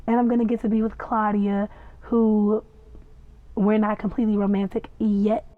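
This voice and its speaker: On a tinny, phone-like recording with no echo, a female podcast host reviews a TV episode, gushing and chatting with playful asides as she recaps and reacts. She speaks in a mid-range voice with flat delivery at a moderate pace.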